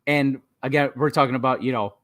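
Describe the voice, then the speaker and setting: A man co-hosting a casual history podcast, relaxed and chatty, laughing often and pausing with ums. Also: mid-range voice, no echo, studio quality. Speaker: podcast co-host.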